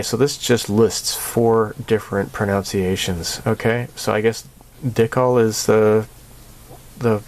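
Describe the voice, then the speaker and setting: A man hosting a casual channel update, rambling and sarcastic and laughing often between his remarks. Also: on the low side. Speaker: channel host.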